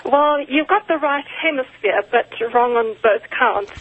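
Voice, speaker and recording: A woman with a South African accent calling in to a radio show, polite and soft-spoken. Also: high voice, animated, a little slow, no room sound. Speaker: caller. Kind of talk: call-in conversation. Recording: tinny phone line.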